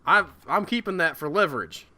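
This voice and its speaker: A man's voice: sits high, animated, brisk, sharp tone, exaggerated voice. A man voicing a cagey male schemer with a put-on Southern US drawl, guarded and holding onto his leverage. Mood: guarded, scheming.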